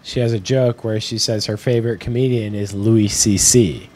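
A man chatting on a podcast, wisecracking and explaining things at a slow, deliberate pace. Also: on the low side, steady tone, a little mellow. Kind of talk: casual podcast banter.

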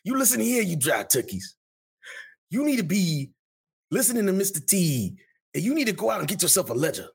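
A man doing a comic impression of a gruff, tough-talking celebrity who scolds and bosses the listener around. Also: high-pitched, sing-song, brisk, voice pushed up, heavily acted. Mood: scolding. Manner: bossy, scolding, swaggering.

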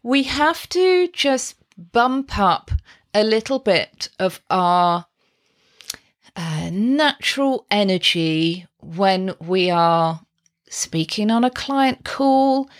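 A woman from the UK hosts a voice-coaching podcast in an upbeat, encouraging way, laughing lightly now and then. She speaks slowly and unhurriedly at a mid-range pitch, stopping to demonstrate how phrases rise and fall. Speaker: podcast host and performance coach.

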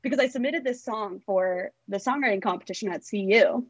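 Young adult woman, interview guest, chatty and meandering, mid pitch, dry muffled recording. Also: a little fast, no room sound. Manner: rambling, filler-heavy with frequent "like". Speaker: songwriter guest. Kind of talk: casual interview chat.

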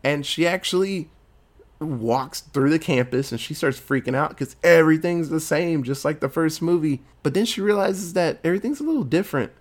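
A man casually retelling a movie plot in a lively, profane storytelling way. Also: a little high, normal speed. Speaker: movie recapper.

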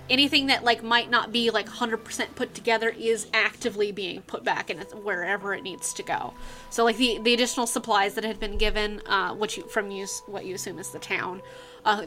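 Bright-voiced woman running a tabletop game. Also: mid-range voice. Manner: rambling, filler-heavy, casual. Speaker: game master.

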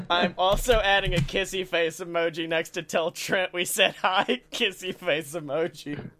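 A high-voiced man co-hosting a podcast in loose casual chat, with a bright, forceful tone. He jokes around, laughs loudly and slips into playful ad reads. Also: fairly even intonation, unhurried. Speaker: podcast co-host.

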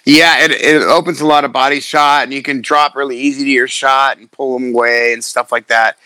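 A middle-aged man, a fighter, telling stories in casual chat, profane and animated, acting out quotes. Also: mid-range voice, fairly quick, dry recording. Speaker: guest, fighter.

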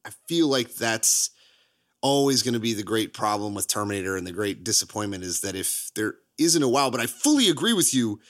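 A man co-hosting a podcast, chatting casually about movies, laughing often and jumping high in pitch for emphasis. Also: big pitch swings, a little fast, fairly bright tone. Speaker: podcast co-host.

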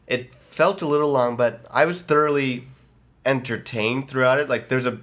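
A woman's voice: very deep voice, fairly even intonation, moderate pace. A woman chatting casually about a film, easygoing, with a teasing, joking manner. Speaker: podcast co-host reviewing a film. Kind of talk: casual chat.

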